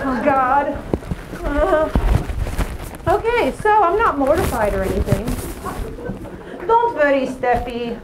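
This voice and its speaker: A young woman telling a comic story on stage, animated and sarcastic, at a live venue. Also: sits high, slow pace, long pauses, a crowd in the background, noisy background.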